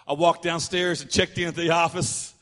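A man preaching through a personal story, animated and acting out the voices of the people in it. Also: normal speed. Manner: animated, acts out quotes with big swings of pitch and volume. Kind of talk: sermon storytelling. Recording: long hall reverb.

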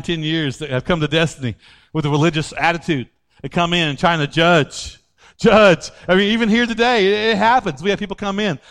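A middle-aged male pastor preaching a sermon, swinging from loud outbursts to low quiet asides.

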